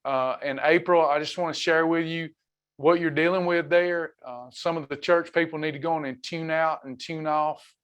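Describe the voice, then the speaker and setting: A man's voice: fairly high pitch, fairly even intonation, normal speed, a bit bright, clean tone. A man leading a faith-based wellness class, preaching with fervor and reading out members' comments as he goes. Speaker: wellness ministry leader. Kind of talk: preaching to a live online class.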